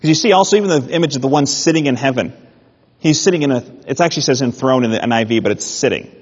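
A man preaching a sermon in an animated way, with mock-indignant asides. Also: medium pitch, rapid-fire, slightly rough. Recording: dull sound in a reverberant hall.

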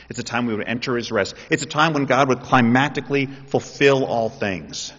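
A man preaching a sermon, shifting between explaining and loud, impassioned pleas. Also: mid-range voice, moderate pace, few pauses. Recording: dull audio in a reverberant hall.

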